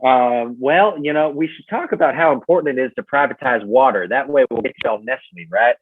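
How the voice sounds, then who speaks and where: A man's voice: mid-range voice, a little fast, husky, no echo. Southern man rambling over a tinny line. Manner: rambling, lots of fillers and restarts. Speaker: podcast guest, musician. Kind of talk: casual podcast chat. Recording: tinny phone-like line, dry.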